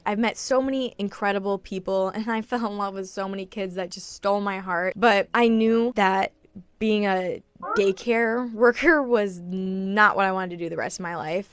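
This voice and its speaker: A travel vlogger in her early twenties tells her travel story in a chatty, confessional style, full of "like" fillers and casual swearing, and is close to tears at times. Her medium-pitched voice is clear and resonant, with no echo.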